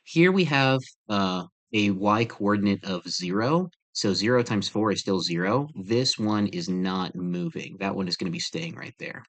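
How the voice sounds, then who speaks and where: A man's voice: lowish voice, expressive, normal speed, few pauses, fairly bright tone. A man teaching a casual math lesson, thinking aloud with fillers and joking about his own mistakes. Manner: chatty, self-deprecating, thinks aloud with fillers.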